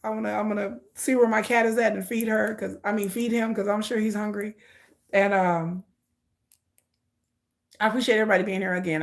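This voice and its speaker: Gravelly-voiced chatty woman streamer. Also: medium pitch. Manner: chatty, repetitive, emphatic, addresses viewers as y'all. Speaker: live stream host. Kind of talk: casual livestream commentary.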